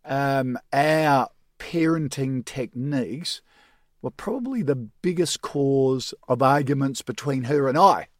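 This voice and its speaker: A man's voice: mid-range voice, slow pace, no room sound, studio quality. Hearty older Australian man. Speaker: guest panelist. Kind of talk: casual panel chat.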